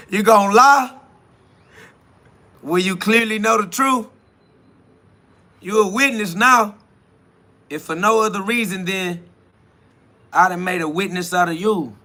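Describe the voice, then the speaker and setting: Male host, high voice, emphatic slangy live preaching. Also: bright, forceful tone. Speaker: podcast host. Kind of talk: casual preaching monologue streamed live.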